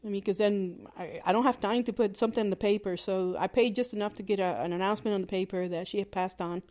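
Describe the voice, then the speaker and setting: A woman hosting a podcast, telling a personal story in a candid, plainspoken way, with halting restarts and fillers. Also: medium pitch, fairly even intonation, darkish tone. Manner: candid and plainspoken, with mild swearing. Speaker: podcast host.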